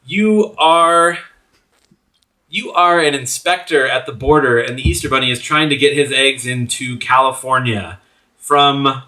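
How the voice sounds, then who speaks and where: A man's voice: medium pitch, measured pace, pushed and bright, far from the mic, rough recording. Laid-back man hosting an improv game. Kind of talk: casual comedy banter.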